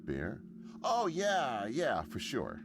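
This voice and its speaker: A hesitant, stammering lab scientist. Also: male voice, mid-range voice, huge pitch swings, slow pace, creaky, noisy background, heavily acted. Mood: wary. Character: wary male lab scientist, guarding a restricted area.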